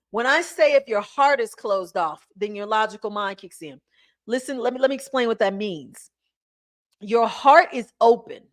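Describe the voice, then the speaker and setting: Animated spiritual teacher woman, lilt. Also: a little high. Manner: preachy, animated, addresses listeners as y'all and baby. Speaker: spiritual livestream host. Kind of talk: spiritual teaching to a live audience.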